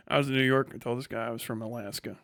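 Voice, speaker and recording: A man's voice: medium pitch, creaky, fairly bright tone, dry recording, studio quality. A man from Wisconsin, ranting bluntly and swearing as a live streamer. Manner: blunt, sweary, laughs mid-sentence. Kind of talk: casual profane rant reacting to a video.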